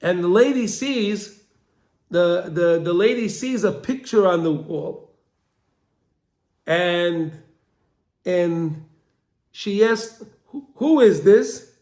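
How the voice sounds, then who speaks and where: Guy teaching a religious story, keeps repeating himself, voice sits high for a man. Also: a little mellow. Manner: repeats phrases over and over, halting restarts. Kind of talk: storytelling lesson. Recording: roomy echo.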